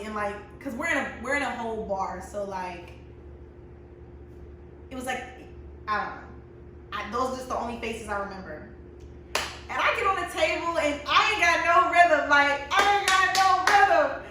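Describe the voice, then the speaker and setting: Young woman in her twenties, casual storyteller, high-ish bright voice, roomy echo, off-mic. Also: a little hiss or hum. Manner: animated, laughing often, acts out friends' lines. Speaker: vlogger. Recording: very echoey room, mic at a distance.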